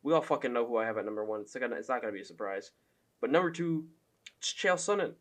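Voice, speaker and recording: A man's voice: mid-range voice, animated, quick pace. A young man giving loose, profane opinion commentary as a fan, full of fillers and laughs.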